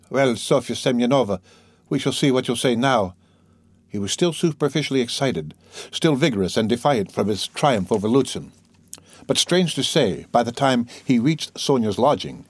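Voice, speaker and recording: A man's voice: mid-range voice, darkish tone, no echo. Male audiobook narrator, dry sound. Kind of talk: scripted narration.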